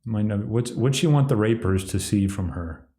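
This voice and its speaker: A man's voice: fairly low pitch, lively intonation, moderate pace, mellow. A man giving rambling solo commentary on a livestream, sardonic and mocking, sometimes slipping into exaggerated impressions. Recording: echoey room.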